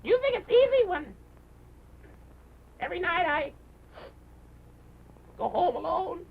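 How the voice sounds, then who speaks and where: A man's voice: very high voice, very animated, measured pace, gravelly, heavily acted. A man voicing a bored, lonely female witch puppet who sighs and sulks in dramatic, self-pitying outbursts, on a muffled 1950s television broadcast recording. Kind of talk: live television puppet show.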